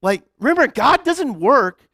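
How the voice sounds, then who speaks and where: A man with a high voice preaches a casual, storytelling sermon, bouncing his pitch all over as he acts out each character. He talks in a chatty rush of "like" and restarts. The sound is close and dry. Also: big pitch swings, measured pace, vocal fry, bright, forceful tone, dry recording. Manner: chatty, full of "like" and restarts, acts out quoted lines. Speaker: pastor. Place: church sanctuary.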